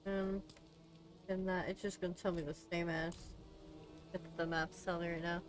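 A woman's voice: on the low side, flat delivery, normal speed, soft background music. A woman from the United States streaming a game, chatting casually with profane, joking banter. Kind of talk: casual let's-play chat.

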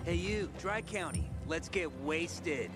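A man's voice: on the high side, slow pace. An actor playing a rowdy, drunk male brawler in a video game, boozy and profane. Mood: drunken. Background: game music.

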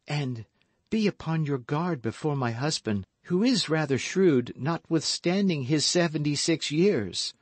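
A man voicing a proud, middle-aged lawyer's wife who talks in a piqued, pleading way, raising his voice well above its usual pitch. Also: lively intonation, a little slow, no room sound.

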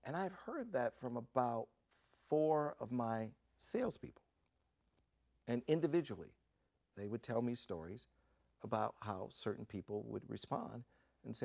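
A man as an interview guest, telling animated anecdotes and acting out what others said. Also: mid-range voice, measured pace, vocal fry, long pauses, dry recording. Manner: animated anecdotes with acted-out quotes. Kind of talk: storytelling in a sit-down interview.

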